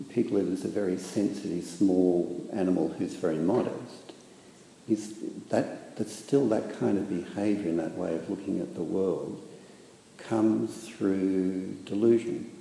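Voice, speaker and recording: Deep-voiced man in an echoey hall. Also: creaky, warm tone, a little hiss or hum. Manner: thoughtful, hesitant, with many fillers. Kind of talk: reflective spiritual talk. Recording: echoey hall with long reverb.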